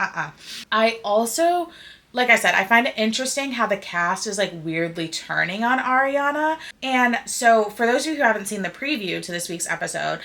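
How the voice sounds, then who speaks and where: A young woman hosting a casual pop culture podcast, opinionated and animated, saying "like" constantly. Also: medium pitch. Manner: animated, opinionated, heavy use of "like". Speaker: podcast host.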